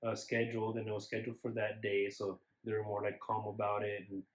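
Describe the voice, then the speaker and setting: A man, a vlogger and new father, telling his side of a story in a casual, halting way. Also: fairly low pitch, level tone. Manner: halting, restarts often. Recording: dull lo-fi sound.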